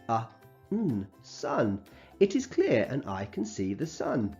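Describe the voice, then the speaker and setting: Man teaching phonics, slow and clear. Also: medium pitch, wildly swooping pitch, lo-fi sound, faint music behind. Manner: slow, clear sounding-out of letters with encouraging praise. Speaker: primary school teacher. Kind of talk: recorded phonics lesson for young children.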